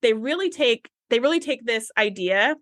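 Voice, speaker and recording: A woman's voice: a little high, lively intonation, normal speed, no echo, studio quality. A woman co-hosting a podcast, talking through a TV episode in an earnest, thoughtful and enthusiastic way. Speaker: podcast co-host. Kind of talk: casual chat about a TV episode.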